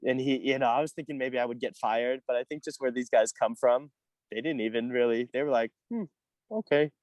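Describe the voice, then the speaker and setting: A young man, an amateur boxer, telling a story as an interview guest in a casual, animated way, swearing and acting out the voices of the people he quotes. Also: mid-range voice, a little fast, no echo.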